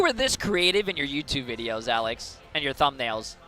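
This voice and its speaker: A man co-streaming an esports match with a bright, forceful voice that swings up and down in pitch. He teases the people around him and breaks into loud joking outbursts. Faint music plays behind him. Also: sing-song, moderate pace, hardly any pauses. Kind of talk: casual live-stream co-watch banter.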